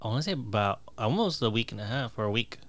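A man's voice: medium pitch, lively intonation, fast talker, a bit bright. A man in his thirties telling a story in casual chat, laid-back and profane, trailing off with fillers. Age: 30s.

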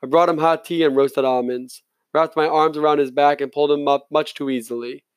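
A man reading an audiobook in steady, first-person narration. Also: on the high side, a little fast, clean tone, dry recording.

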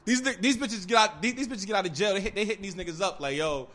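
A man telling a rowdy story in casual chat, animated and slangy, breaking into loud laughter at times. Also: high-pitched, racing.

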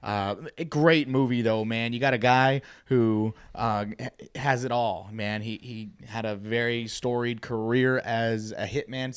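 Male podcast host in a studio, middle voice, chatty, animated and quick to laugh. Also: medium pitch, smooth. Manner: animated storytelling, laughs often. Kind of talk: casual chat.

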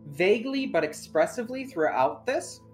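A woman's voice: medium pitch, big pitch swings, normal speed, faint music behind. A woman playing a tabletop game, chatting as she describes her character's gestures. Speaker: player. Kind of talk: casual tabletop game chat.

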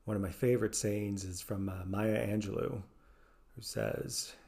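A man who teaches yoga and meditation, leading a guided meditation in a soft-spoken, slow and gentle way with long pauses. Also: lowish voice, fairly even intonation, gravelly.

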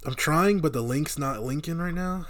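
A man's voice: fairly high pitch, normal speed, fairly bright tone. Profane joking man recapping anime. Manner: profane, jokey, does mocking character voices. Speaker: podcast co-host. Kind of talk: casual crude anime recap chat.

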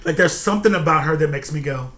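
Bright-voiced chatty man hosting a podcast. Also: on the high side, quick pace, slight background noise. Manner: chatty, playful, lots of fillers. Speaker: podcast host. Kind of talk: casual political chat.

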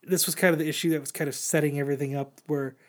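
A man's voice: a little high, steady tone, rapid-fire. A man casually recapping a comic book on a podcast, rambling with lots of fillers and swearing. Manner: rambling, profane, many fillers. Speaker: podcast host.

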